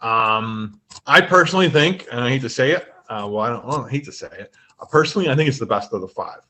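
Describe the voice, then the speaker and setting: A man's voice: mid-range voice, lively intonation, fast talker, pushed and bright. A man chatting on a podcast as a guest game writer over a video call, enthusiastic and rambling with fillers. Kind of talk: casual podcast chat.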